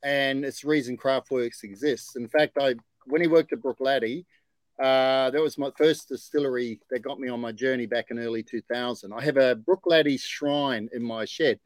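A man's voice: medium pitch, moderate pace, dry recording. A man hosting a casual podcast chat, boisterous and enthusiastic. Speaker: podcast host.

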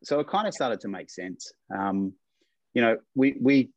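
A man's voice: mid-range voice, animated, normal speed, dry recording, rough recording. A man, a distillery owner, chatting casually and rambling a little with fillers. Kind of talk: casual chat.

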